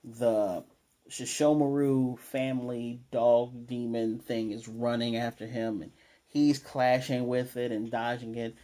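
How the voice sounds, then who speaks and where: Mellow-voiced man rambling through an anime recap. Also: mid-range voice, slow. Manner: rambling recap with restarts, quoting lines in a flat voice. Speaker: anime reviewer. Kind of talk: casual episode recap.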